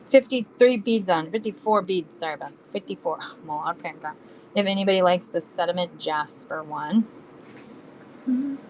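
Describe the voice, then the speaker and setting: Her voice sits fairly low, and the poor audio picks up slight background noise. She's a live stream seller offering bead strands, chatting casually, counting beads aloud and humming as she goes.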